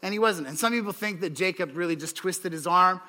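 In a church hall with long reverb, a man preaches an evening sermon in a high, slightly fast, bright and forceful voice. His style is casual and conversational, full of restarts and "right?" asides.

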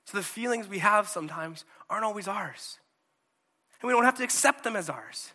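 Male preacher, fairly high bright voice, casual animated sermon, hall reverb. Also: fairly quick. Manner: conversational, animated, checks in with "okay?" and "right?".

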